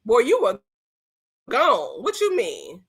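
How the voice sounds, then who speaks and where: Woman podcast co-host, high and very animated, blunt and mocking. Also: slow, slightly rough. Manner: brash, profane, mocking. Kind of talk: casual podcast banter.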